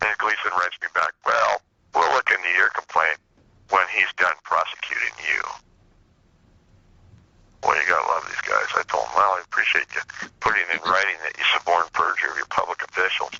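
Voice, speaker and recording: Low-voiced man telling a story over a muffled call. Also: brisk, vocal fry, no echo. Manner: animated, sarcastic storyteller acting out courtroom exchanges. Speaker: interview guest. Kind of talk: storytelling in a remote interview.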